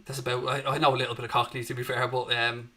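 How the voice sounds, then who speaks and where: With a medium, fairly flat pitch and a sharp edge, he talks fast. He's an Irish host of a live fan watchalong who greets people, reads the chat, calls the match as it unfolds and gets more animated with the action.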